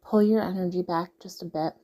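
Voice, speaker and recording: A woman's voice: fairly low pitch, fairly even intonation, a little fast, dark tone. A woman speaking earnestly and directly to the listener in a casual advice monologue, repeating her points. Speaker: vlogger giving relationship advice.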